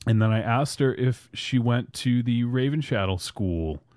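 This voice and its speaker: A man's voice: mid-range voice, animated, measured pace, darkish tone, dry recording, studio quality. A man hosting a casual podcast, reading fan tweets aloud in a loose, rambling way. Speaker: podcast host.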